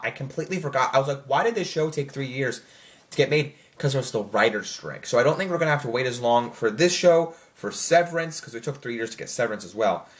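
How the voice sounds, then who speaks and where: A man giving a casual spoken review of a series, rambling with many fillers and restarts. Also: medium pitch. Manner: rambling, filler-heavy, self-correcting. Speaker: show reviewer.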